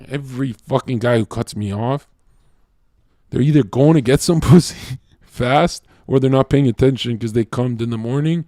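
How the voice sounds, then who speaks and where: A man rants to his livestream chat in a brash, profane way. He jumps from shouting to near-whispered asides. The sound is dry and close, with no room echo. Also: normal speed. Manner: brash, profane, swings from loud shouting to low murmuring. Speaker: streamer.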